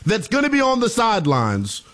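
A man co-hosting a sports talk show, arguing excitedly and incredulously, dropping low then shouting. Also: a little fast. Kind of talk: animated sports debate.

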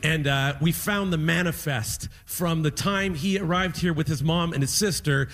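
A man's voice: fairly high pitch, normal speed. A Canadian man doing stand-up, telling a family story and acting out his relatives' voices. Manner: animated, acts out family members' voices. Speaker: stand-up comedian.

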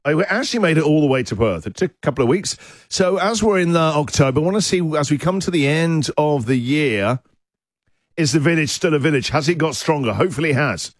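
A man hosting a radio show, teasing his co-host in quick, playful banter. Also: a little high, no echo, clean studio sound. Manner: teasing, lively, quick to laugh.

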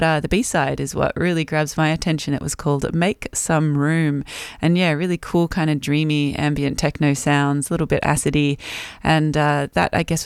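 A man's voice: a little high, creaky, smooth, no room sound. A man hosting a morning music radio show in an easygoing, chatty way, speaking into a studio microphone. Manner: easygoing, chatty with frequent "uh" fillers. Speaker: radio host. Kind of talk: relaxed music radio presenting.

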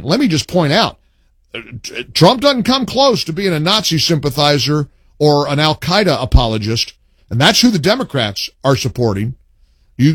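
A man's voice: fairly high pitch, a bit bright, dry recording. A man hosting a talk radio show, speaking emphatically with punchy stress and chatting with callers. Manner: emphatic, reads a post aloud with slow punchy stress.

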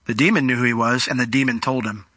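A man preaching a sermon in an animated way, slowing down and speeding up as he tells a Bible story. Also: medium pitch, slightly rough, no room sound. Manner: animated, acts out quoted voices, varies pace.

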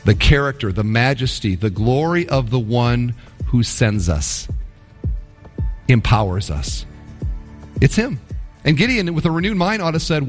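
A man preaching a sermon, retelling Bible stories with animated voicing of the characters' complaints. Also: medium pitch, unhurried, soft background music. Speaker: pastor. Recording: long hall reverb.

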